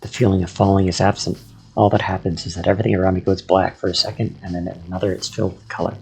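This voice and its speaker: A man reading a story aloud in the first person, with a measured, descriptive delivery. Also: low-pitched, little pitch movement, vocal fry, a little mellow, soft background music. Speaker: narrator.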